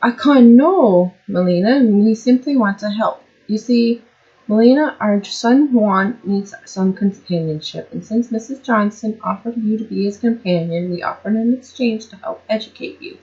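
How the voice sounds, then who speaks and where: A woman reading aloud and voicing a kind, gentle wealthy lady in a story, in a lifted, refined tone. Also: mid-range voice, moderate pace, muffled recording, lightly acted. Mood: gently reassuring.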